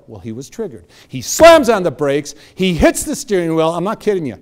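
A man's voice: on the high side, fairly quick, few pauses. A middle-aged man giving a motivational talk, telling stories and acting out the voices of the people in them. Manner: animated storyteller acting out voices. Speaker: motivational speaker. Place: event hall.

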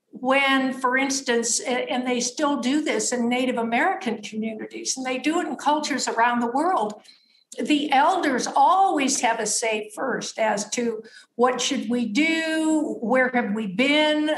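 A woman's voice: high-pitched, reverberant. Slightly scratchy woman in her seventies. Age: 70s. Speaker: guest, author. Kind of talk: conversational storytelling.

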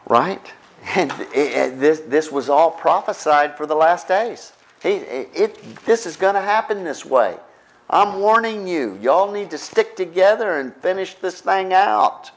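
A man's voice: sits high, expressive, unhurried. A middle-aged man preaching a conversational sermon as pastor, often checking in with his listeners. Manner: conversational preaching, keeps asking "right?".

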